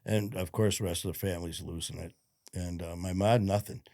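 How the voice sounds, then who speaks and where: A man with a lowish voice tells his story as a podcast guest. He is blunt and swears freely, slipping into the voices of the people he quotes. The recording is close and dry, with no room sound. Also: fairly even intonation, fairly quick, gravelly, mellow, no room sound. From Detroit, USA. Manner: blunt, profane, retells events with quoted dialogue. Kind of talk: casual interview storytelling.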